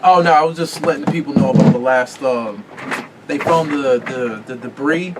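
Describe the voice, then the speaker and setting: A man's voice: medium pitch, normal speed. A man hosting a podcast in casual chat, rambling and profane, often stopping to search for words. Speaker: podcast host. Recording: distant mic with faint room noise.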